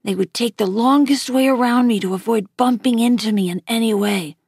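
A woman reading a novel aloud in an unhurried, even storytelling manner. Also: fairly high pitch, vocal fry, husky, no echo, studio quality. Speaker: reader.

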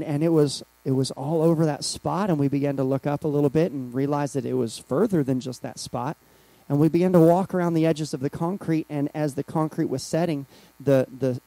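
A middle-aged man pastor telling a church story in a sermon, excitable with halting restarts. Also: a little high, creaky, dry recording, poor audio.

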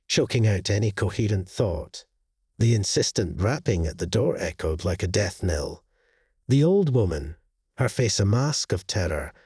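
A man narrating a horror story in a slow, grave storytelling manner with lively intonation, in a dry, close studio voice-over. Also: on the low side, husky, no echo.

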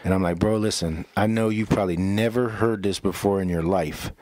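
Deep-voiced pastor telling his story. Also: brisk, no echo, clean studio sound. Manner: animated storyteller who acts out quotes, repeats words, says "bro" and "right?". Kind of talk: casual storytelling interview.

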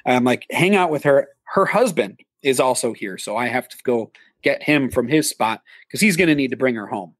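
A man telling a story as a guest in an interview, animated, acting out dialogue in a raised voice. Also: mid-range voice, moderate pace, slightly rough, no room sound. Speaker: guest, haunted attraction actor manager.

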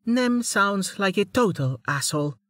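A woman's voice: medium pitch, animated, a little slow, a bit bright, no room sound, clean studio sound, voice pushed up. A man voicing a frank young woman adventurer who talks bluntly and casually.

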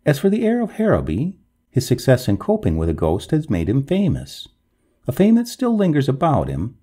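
Gravelly, mellow male storyteller. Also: mid-range voice. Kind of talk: storybook narration.

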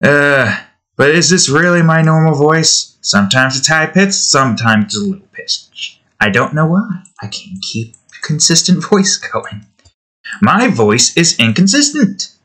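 A man's voice: fairly high pitch, sing-song, measured pace, a bit bright. A man hosting his art channel, chatting casually while he draws, rambling and poking fun at himself. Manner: rambling, self-deprecating, restarting. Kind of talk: casual chat while drawing.

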